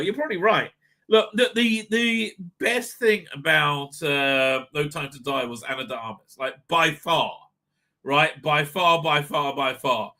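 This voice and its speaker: A British-born man rambles through a live-stream chat, swearing freely and restarting his sentences. His voice sits a little high and has a very bright, forward edge. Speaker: livestream host.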